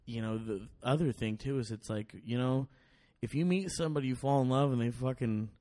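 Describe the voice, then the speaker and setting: A man on a podcast rambling through a long story, cursing freely and stumbling over restarts. He slips into other people's lines as he quotes them. His voice sits at an average pitch. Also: fairly quick, mellow. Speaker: podcast guest. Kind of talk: casual storytelling.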